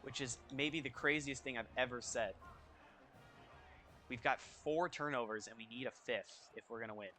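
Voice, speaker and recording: A young man giving casual, excitable commentary over a football video game, reacting out loud to each play. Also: mid-range voice, moderate pace. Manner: excitable, reacting loudly to plays. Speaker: gaming YouTuber. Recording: faint music behind.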